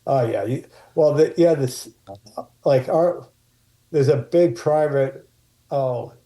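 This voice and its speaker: A man tells loose, meandering stories in casual chat, often restarting his sentences. His tone is very dark and mellow, sitting in a middle pitch. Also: takes it slowly. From Martha's Vineyard, USA. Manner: rambling anecdotes with many restarts. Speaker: podcast guest, actor. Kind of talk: casual storytelling.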